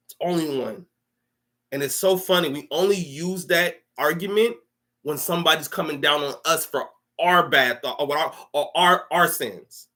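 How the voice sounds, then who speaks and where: Male streamer, heated preachy rant, bright voice, stammers and restarts. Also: fairly high pitch. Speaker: livestream commentator. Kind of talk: emotional livestream rant.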